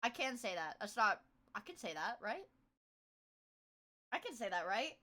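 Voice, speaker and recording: A young woman streamer chatting casually with her viewers, rambling and swearing, breaking into loud laughter. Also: fairly high pitch, very animated, moderate pace. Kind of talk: casual livestream chat.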